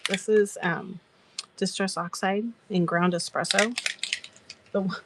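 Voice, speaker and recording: Crafting host, female, mid-pitch, giggly and rambling, chatty, faint background hiss. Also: fairly even intonation, a little slow. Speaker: crafter and live-selling host. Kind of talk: casual crafting chat.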